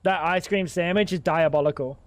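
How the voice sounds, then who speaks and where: A man's voice: on the high side, fairly quick. A man streaming a game, chatting casually and thinking aloud, with plenty of swearing. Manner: rambling, profane, thinking aloud. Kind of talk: casual livestream chat while gaming.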